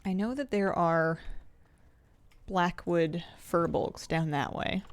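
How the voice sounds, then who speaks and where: This game streamer speaks slowly in a lowish voice, in a recording with no echo. She keeps up casual gameplay commentary, musing aloud and laughing a lot.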